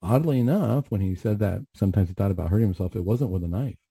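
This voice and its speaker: A man with a low, very dark and mellow voice tells a personal story for radio. His tone is a little husky and he talks in an earnest, conversational way, often backing up to restart a sentence. The sound is dry and close, with no room echo. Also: quick pace.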